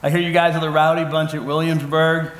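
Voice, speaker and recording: A man in his forties preaching a sermon to a congregation, lively and humorous as he tells stories and calls out to the crowd. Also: on the high side, brisk, reverberant. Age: 40s. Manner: lively, addressing a crowd with cheers and callouts; storytelling with humor. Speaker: pastor. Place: church auditorium before a congregation.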